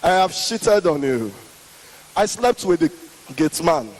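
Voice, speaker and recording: Man doing an old wife, soft coaxing plea, lower hushed voice, hall echo. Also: sing-song, takes it slowly, exaggerated voice. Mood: pleading. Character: guilty pleading old wife confessing. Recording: long hall reverb.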